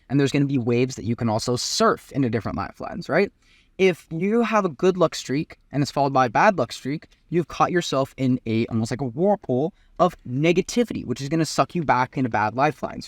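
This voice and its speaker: A man's voice: on the high side, dry recording, clean studio sound. A young man hosting a casual chat, giving rambling, hyped motivational talk with plenty of swearing. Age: young adult. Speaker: host.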